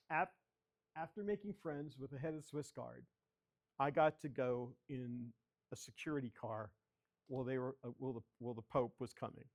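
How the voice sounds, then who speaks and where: An older man with a slightly higher than usual voice, talking his way through a slideshow of his own photographs for a club. He tells chatty stories about each shot and keeps asking for the next slide. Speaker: guest speaker, photographer. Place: children's library area.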